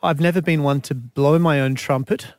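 A man's voice: a little high, steady tone, normal speed, darkish tone, dry recording. A man from Scotland, a musician guest on a radio show, talking in a laid-back way with dry, self-mocking humour. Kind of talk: radio interview. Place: radio studio. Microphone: studio microphone.

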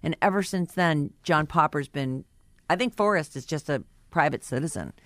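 A woman's voice: sits low, moderate pace, no echo, studio quality. A woman co-hosting a radio talk show, chatting casually as she reads out entertainment news items with her own asides.

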